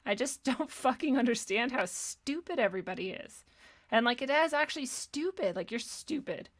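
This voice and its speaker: A woman's voice: fairly high pitch, bright, forceful tone. A woman host ranting sarcastically in casual commentary, exasperated and profane, often laughing.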